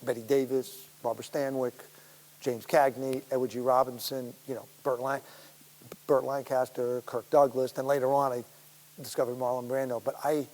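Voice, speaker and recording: A man who is a guest actor, telling rambling, animated anecdotes at a public Q&A, laughing and swearing as he goes. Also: mid-range voice, normal speed. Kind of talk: storytelling in a public Q&A. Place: school auditorium. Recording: echoey hall with faint hiss.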